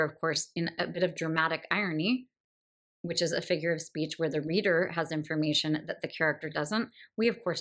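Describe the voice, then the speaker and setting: A woman's voice: lowish voice, fairly bright tone. A woman hosting a book podcast, talking through a novel with admiring enthusiasm and thoughtful asides. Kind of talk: literary discussion monologue.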